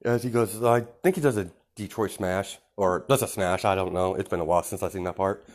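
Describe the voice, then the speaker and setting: A man with a fairly low voice retells a fan story off the cuff. He rambles, leans on fillers, and keeps correcting himself as he goes. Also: brisk.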